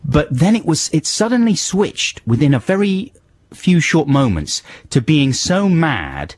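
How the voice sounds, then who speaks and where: A man's voice: fairly high pitch, sing-song, a little slow, no echo, clean studio sound. A man co-hosting a radio show, chatting in a rambling, giggly way. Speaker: radio host. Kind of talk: casual radio banter.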